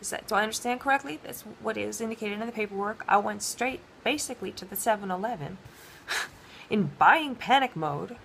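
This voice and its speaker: A woman talking in a rambling personal monologue, halting with many restarts and fillers. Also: medium pitch, creaky, fairly bright tone, a little hiss or hum.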